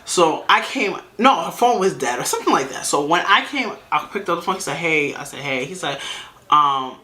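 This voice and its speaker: Animated, bright-voiced woman storyteller. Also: lowish voice, a little fast. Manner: animated, rambling with asides. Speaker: vlogger. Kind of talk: storytime vlog.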